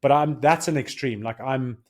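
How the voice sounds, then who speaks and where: Speaking at a moderate pace and a middle pitch, a co-host in his thirties explains ideas on a laid-back podcast with an earnest, coaching manner, dropping in brief quoted back-and-forths.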